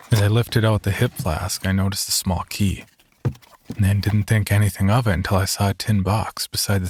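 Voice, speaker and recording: A man narrating a first-person horror story in a measured, scripted way. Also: deep voice, a little hiss or hum.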